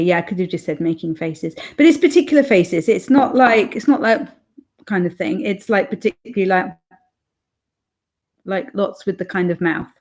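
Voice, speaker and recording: A woman's voice: mid-range voice, darkish tone. A middle-aged woman, casually chatting on her live stream and reading out viewer comments, with lots of fillers. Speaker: author and livestream host.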